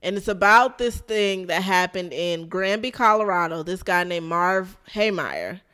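A woman animatedly retells a wild story in casual chat, cursing freely and calling her friend girl. Her pitch swings widely as she gets worked up. She talks to her co-host in a loose, gossipy way. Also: unhurried, clean tone. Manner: animated storyteller, swears a lot, calls listener girl.

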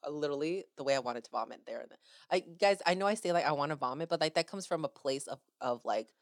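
Low-voiced woman gushing about a fan meetup. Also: quick pace, dry recording, studio quality. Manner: gushing, animated storytelling with acted-out quotes. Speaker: podcast host. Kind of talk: casual chat.

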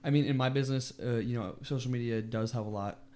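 A young barber chatting easily as a podcast guest, using casual filler words. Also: male voice, mid-range voice, steady tone, fast talker, a little mellow.

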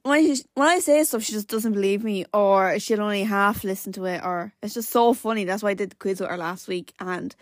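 This Irish podcast host, a woman in her late teens, tells rambling stories in casual chat, packing them with "like" and other fillers. She talks a little fast with few pauses at a medium pitch, and the sound is clean studio audio without echo.

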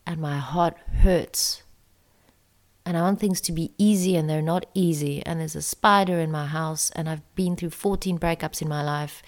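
A woman with a low, deep-set voice tells a personal story. Her delivery is confessional and soft, often sinking close to a whisper.

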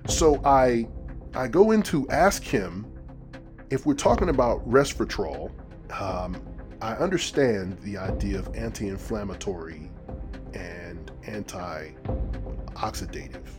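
A man's voice: fairly low pitch, lively intonation, takes it slowly, over music. A man hosting a podcast, explaining and telling a story in a casual way with playful, self-mocking asides. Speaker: podcast host.

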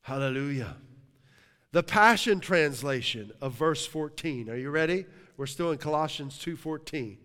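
A middle-aged man preaching a sermon as pastor, telling a story in a lively, joking way. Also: a little high, normal speed, smooth. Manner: animated storytelling, jokes and laughs with the congregation. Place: church sanctuary. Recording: long hall reverb.

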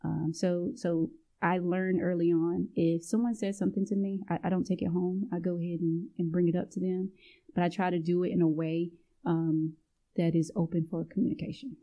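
Low, very dark-voiced woman guest. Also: moderate pace, dull audio. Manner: relaxed and conversational, uses casual dialect phrasing. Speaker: podcast guest. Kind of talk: casual interview talk.

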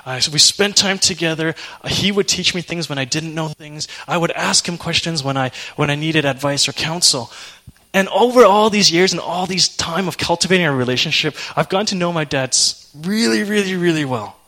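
A young man preaching a sermon, telling an emotional personal story in an animated way. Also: a little high, normal speed.

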